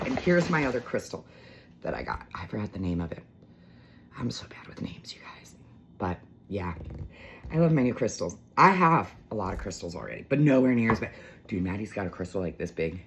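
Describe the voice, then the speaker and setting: A woman's voice: low-pitched, a little hiss or hum. A middle-aged woman talking casually on her vlog, blunt and profane as she tells a story and rants. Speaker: vlogger. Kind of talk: casual morning vlog rant.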